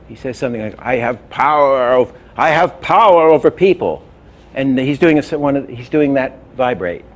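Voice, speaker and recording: A man giving an animation lecture, telling anecdotes and acting out examples, often trailing off into quiet asides. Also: mid-range voice. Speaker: animation teacher.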